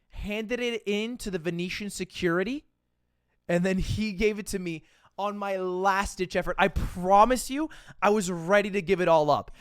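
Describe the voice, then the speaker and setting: A young man, a livestreamer, telling a story casually, animated and profane, acting out quotes. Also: high voice, clean tone, no room sound, studio quality.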